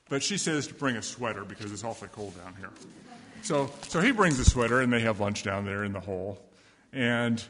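A man telling a story to children in a service, lively and asking them questions. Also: medium pitch, a little hiss or hum. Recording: echoey hall with long reverb.

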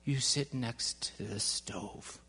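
A man voicing a kind, calm older man, speaking softly and slowly in a reverberant hall. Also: medium pitch, slightly rough, voice pushed down, full character voice. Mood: gentle. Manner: soft, soothing, slow.

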